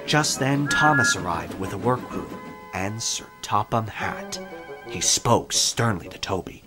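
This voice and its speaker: A man narrating a children's railway story in an expressive storybook style, over background music. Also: lowish voice, unhurried.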